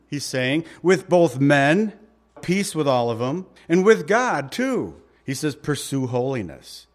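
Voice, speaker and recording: Middle-aged male pastor, slightly high voice, easygoing sermon delivery, slow when reading verses, sudden quiet stresses. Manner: conversational preaching, slows down to read verses, drops quiet for emphasis.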